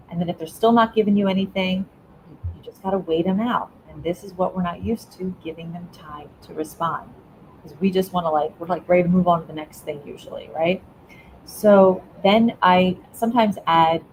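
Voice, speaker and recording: Lively woman explaining how she handles kids. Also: fairly low pitch, a little fast, a little hiss or hum, rough recording. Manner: animated explainer, acts out quotes. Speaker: school educator, guest. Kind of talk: conversational interview answer.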